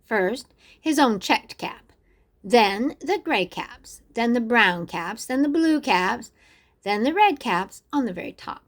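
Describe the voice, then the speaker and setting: An older woman reads a picture book aloud to children in a high, very animated voice, at an unhurried pace. She is expressive and often stops to ask her young listener questions. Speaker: storyteller.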